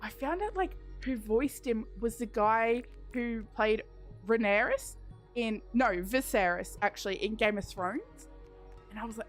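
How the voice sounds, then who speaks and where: A woman's voice: on the high side, a little slow, soft background music. A woman streamer chatting casually while playing a game, rambling and giggling. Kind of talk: casual chat while gaming.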